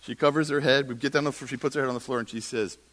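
Brief: middle-aged male church speaker, bright-toned, animated anecdotal storytelling. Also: rapid-fire. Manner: animated storyteller, quotes others in lowered voice. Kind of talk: storytelling sermon talk.

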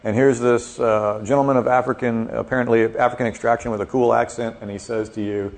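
A man leading a group theology discussion, thinking aloud with lively asides. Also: mid-range voice, fairly quick, few pauses. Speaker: discussion leader.

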